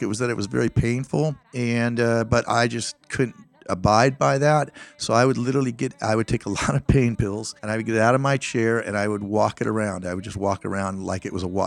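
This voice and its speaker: A middle-aged man from Northern California telling a long personal story in a casual interview, acting out what people said with animated outbursts. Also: gravelly, dry recording. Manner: animated, acts out quotes with sudden high-pitched outbursts. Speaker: interview guest.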